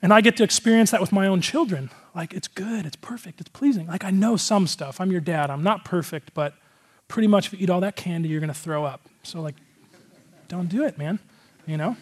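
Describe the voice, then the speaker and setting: A man's voice: sits high, brisk, slightly rough. A male pastor giving a casual, conversational sermon, earnest and rambling, with a lot of filler words.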